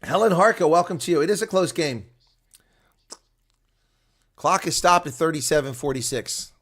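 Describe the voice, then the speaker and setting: Excitable man doing live rugby commentary. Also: on the high side, normal speed. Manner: chatty, excitable, jumps to loud outbursts then mutters asides. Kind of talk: solo play-by-play and color commentary.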